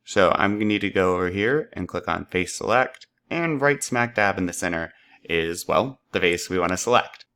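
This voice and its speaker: A man walking through a software tutorial, upbeat and playful, making little sound effects as he works. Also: sits low, expressive, moderate pace. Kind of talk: screen-recorded tutorial.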